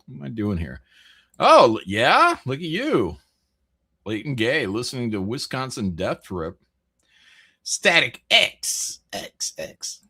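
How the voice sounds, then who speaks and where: A man's voice: medium pitch, wildly swooping pitch, unhurried, pushed and bright, breathy edge. A man hosting a casual live stream, rambling through chat messages with frequent jokes, laughs and swearing. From American Midwest.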